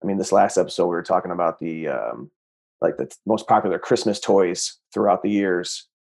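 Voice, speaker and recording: A man's voice: low-pitched, a little fast, creaky, a little mellow. A man chatting as a comedian guest on a podcast, easygoing, trailing off with fillers. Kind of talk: casual chat.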